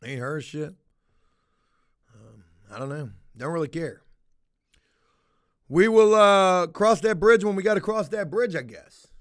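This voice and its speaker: High-voiced, foul-mouthed man rambling. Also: lively intonation, a little slow, pauses often. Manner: profane, rambling, blunt. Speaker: livestream host reading chat. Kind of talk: casual livestream chat.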